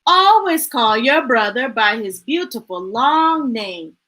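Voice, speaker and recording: A stern, loving father from a picture book, acted by a woman reader, firm and commanding. He speaks slowly and deliberately. The voice stays bright. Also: on the high side, expressive, full character voice. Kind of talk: storybook read-aloud.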